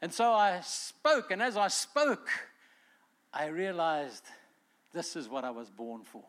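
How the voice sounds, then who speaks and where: A male pastor delivering a sermon, animated and emphatic, acting out quotes with rising force. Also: a little high, slow. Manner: animated preaching, voices quotes with swelling emphasis.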